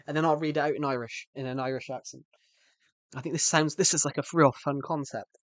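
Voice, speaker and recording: A man's voice: a little high, fairly even intonation, a little fast, no echo. Chatty young British man streaming. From United Kingdom. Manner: rambling, self-correcting, chatty. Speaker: game streamer. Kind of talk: casual live-stream chat.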